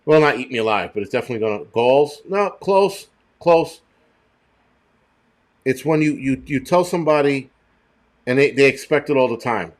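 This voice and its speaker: A man's voice: mid-range voice, animated, normal speed, pauses often. Middle-aged male streamer, profane, rambling, chatty livestream commentary. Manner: rambling and profane, thanks chat viewers. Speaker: show host.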